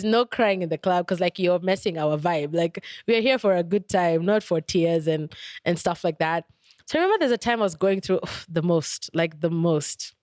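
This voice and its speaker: A young woman talks candidly and thoughtfully as she hosts her podcast, her voice smooth and clean. She wanders through stories with easy "likes" and "ums". The sound is dry and close, with no room around it. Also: medium pitch, no room sound. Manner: candid, thoughtful, with frequent "like" and "um" fillers. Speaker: podcast host. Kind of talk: reflective personal storytelling.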